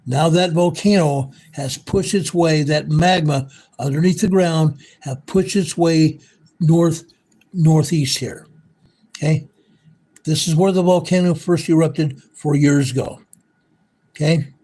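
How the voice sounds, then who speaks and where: Guy going over a map for his news channel, warm low-key tone, keeps saying okay and right here. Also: takes it slowly. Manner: repetitive, pointing things out on a map. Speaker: news show host.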